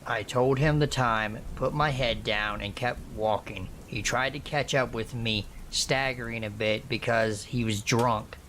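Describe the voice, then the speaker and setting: A male horror-story narrator reading a first-person account in a measured, somber voice. His mid-range voice moves at an unhurried, deliberate pace, with a faint hiss of noise underneath. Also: mid-range voice, fairly bright tone. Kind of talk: scripted narration of true scary stories.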